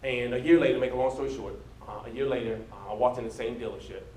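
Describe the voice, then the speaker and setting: A man, a motivational speaker, telling a story in an animated, conversational way to a live audience in a large room. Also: medium pitch, fast, reverberant, slight background noise, rough recording.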